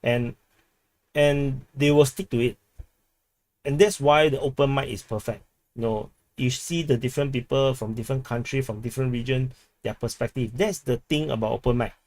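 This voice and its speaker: A man's voice: medium pitch, fairly even intonation, normal speed, darkish tone, no room sound. Singaporean man, live stream host, casual and chatty with viewers, repeats himself, dry close sound. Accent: Singaporean English. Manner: chatty, repeats words, laughs often. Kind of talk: casual live stream chat reading comments.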